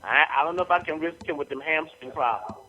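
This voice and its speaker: A man's voice: a little high, lively intonation, quick pace, bright, forceful tone, breathy edge, muffled recording. A man hosting a sports talk radio show, emphatic and opinionated.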